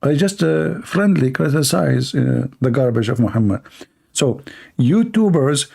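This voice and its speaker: Slow, gravelly, sarcastic male commentator. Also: medium pitch, animated, darkish tone. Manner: sarcastic, teasing, laughs at his own jokes. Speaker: commentator reading viewer comments. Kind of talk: mocking live-stream commentary.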